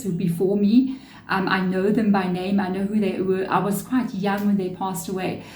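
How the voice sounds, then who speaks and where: A woman's voice: mid-range voice, mellow, reverberant, poor audio. A woman giving a chatty, earnest tarot reading to her viewers, with spiritual asides. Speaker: tarot reader.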